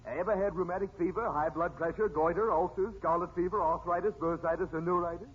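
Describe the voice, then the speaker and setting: An actor playing a brisk police doctor with a dry wit in a 1940s radio comedy. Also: male voice, high-pitched, steady tone, natural voice. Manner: brisk, wisecracking. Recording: dull old radio broadcast with hiss.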